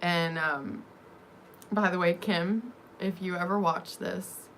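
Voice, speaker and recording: A woman vlogger telling a personal story in a halting way, with many pauses and fillers. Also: on the low side, fairly even intonation, fairly bright tone, slight background noise.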